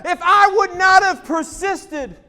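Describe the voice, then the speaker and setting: High, excited older motivational speaker. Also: male voice, slow pace. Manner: animated, repetitive, bursts of shouting. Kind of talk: motivational stage storytelling. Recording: long hall reverb.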